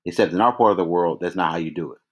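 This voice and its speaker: A man reading a novel aloud at a measured pace, now and then restarting a phrase. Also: low-pitched. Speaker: reader. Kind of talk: read-aloud novel narration.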